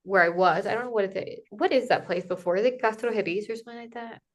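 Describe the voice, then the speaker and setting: A woman in casual conversation, telling a personal travel story in a lively way, acting out what people said to her and filling her talk with "like". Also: mid-range voice, quick pace. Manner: animated, acts out quoted dialogue, many "like" fillers. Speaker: podcast guest, Camino pilgrim.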